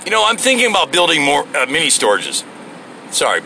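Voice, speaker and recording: A man with a bright, gravelly voice rambles to himself from inside his car, swearing freely and cracking jokes. A faint hum of air conditioning and road noise sits behind him. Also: fairly high pitch, huge pitch swings, fairly quick. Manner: profane, joking, talks to himself. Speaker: solo show host. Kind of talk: rambling casual monologue while driving.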